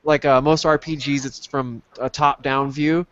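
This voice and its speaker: A man hosting a casual chat about old games, rambling with many pauses and ums. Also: mid-range voice, level tone, a bit bright, clean tone, dry recording. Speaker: podcast host. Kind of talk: casual chat over gameplay. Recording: dull lo-fi sound, dry.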